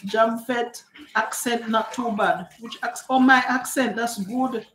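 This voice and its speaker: A woman's voice: fairly high pitch, steady tone, measured pace, slight background noise. Chatty woman in echoey kitchen. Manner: chatty, warm greetings to viewers by name. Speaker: cooking stream host. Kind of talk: live-stream chat, reading out viewer comments. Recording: echoey room.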